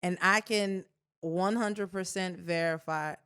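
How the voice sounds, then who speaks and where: A woman's voice: fairly low pitch, steady tone, takes it slowly, a bit bright, clear, resonant tone. A woman co-hosting a podcast, affirming her guest and playfully insisting in a friendly argument. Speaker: podcast co-host. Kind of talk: casual chat.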